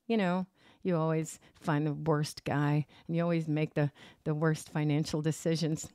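Woman voicing a nagging, belittling naysayer, voice dropped low, dry close sound. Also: little pitch movement, normal speed, dark tone, dry recording, lightly acted.

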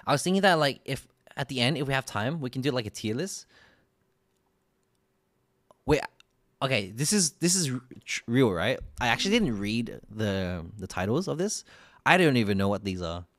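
A man's voice: medium pitch, very animated, normal speed, a bit bright, no echo, clean studio sound. An Australian man live streaming, chatting casually and rambling through a sponsored ad with frequent laughs and self-corrections.

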